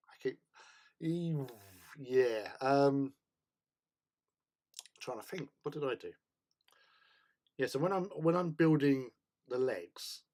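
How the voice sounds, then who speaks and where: A man's voice: medium pitch, darkish tone. A man chatting casually on a hobby stream, rambling through anecdotes and chuckling often.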